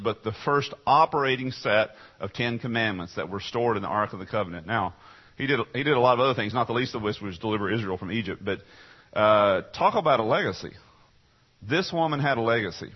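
A man's voice: mid-range voice, animated, brisk, husky, muffled recording. A man preaching a sermon in a conversational way, often repeating phrases and putting questions to his listeners. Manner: conversational, asks the congregation questions; repeats himself for emphasis. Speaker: pastor.

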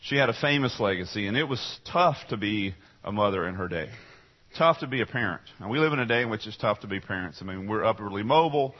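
A pastor delivers a morning sermon in an easy, conversational manner. His voice sits low, and he stresses his points by repeating them and putting questions to his listeners. The recording is muffled and lo-fi. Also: animated, fast talker. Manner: conversational, asks the congregation questions; repeats himself for emphasis.

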